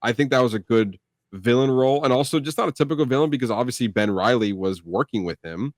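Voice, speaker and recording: Co-hosting a film review podcast, a young man talks fast in a mid-range voice, rambling casually with frequent "like," fillers and restarts. The recording is studio quality with no echo.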